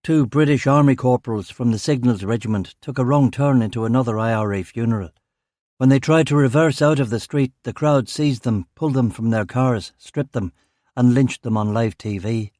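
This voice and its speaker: A man narrating a crime thriller audiobook in a measured, grave delivery. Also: medium pitch, darkish tone, no room sound, studio quality.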